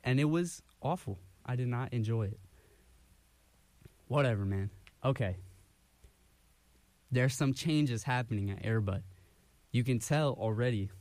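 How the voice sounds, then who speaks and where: A man's voice: mid-range voice, a little slow, long pauses, darkish tone, no room sound. A young man hosting a college radio show, out of breath and rambling in self-deprecating rants. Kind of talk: casual radio chat. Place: radio studio. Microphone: studio microphone.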